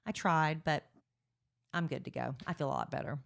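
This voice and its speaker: Chatty woman co-host, low voice. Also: normal speed, vocal fry. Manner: chatty storytelling, teasing. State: worn out, recovering from a party. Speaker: podcast co-host. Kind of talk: casual chat.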